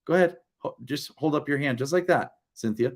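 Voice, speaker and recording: A man's voice: on the high side, brisk. A man hosting an online book launch over a video call, exuberant and jokey, rambling through frequent restarts.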